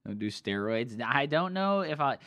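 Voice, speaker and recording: A male streamer casting a match in a loose, profane, excitable style. His voice is bright and forceful, with a tense edge that cuts through the chatter. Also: medium pitch, normal speed. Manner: swears a lot, loose and excitable. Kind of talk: casual game commentary.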